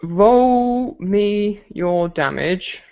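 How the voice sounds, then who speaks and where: Man, game master, halting combat narration, gravelly, muffled recording. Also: high-pitched, animated, darkish tone. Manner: halting, restarts while describing combat. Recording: lo-fi mic with faint noise.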